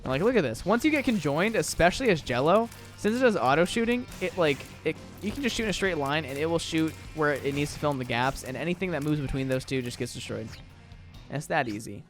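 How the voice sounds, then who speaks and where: A man's voice: fairly high pitch, expressive, fast, soft background music. A young American man chatting casually through a let's-play, rambling with lots of "like" and "um". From southern United States. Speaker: gaming YouTuber.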